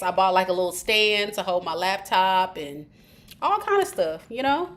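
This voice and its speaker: During a livestream, a tarot reader chats informally with her viewers as she reads the cards, her mid-range voice animated and fairly bright at a normal speed. Roomy echo and faint hiss color the audio.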